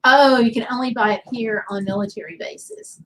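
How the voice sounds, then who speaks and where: A woman's voice: on the high side, normal speed, a bit bright, slight background noise, low-quality recording. A woman with a Southern accent hosting a casual livestream, chatting loosely and reading viewer comments aloud. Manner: chatty, rambling, reads chat comments aloud. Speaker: livestream host.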